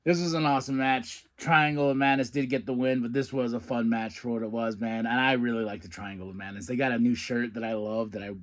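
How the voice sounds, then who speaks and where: An excitable man hosts a podcast and rambles through a wrestling recap in casual chat. His voice sits at a middle pitch, and he breaks into laughter often as he jumps between topics. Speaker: podcast host.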